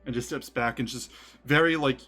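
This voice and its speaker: Guy running a tabletop game, laid-back narration, mid pitch. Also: fairly quick, a bit bright, soft background music. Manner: casual storytelling with fillers. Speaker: game master.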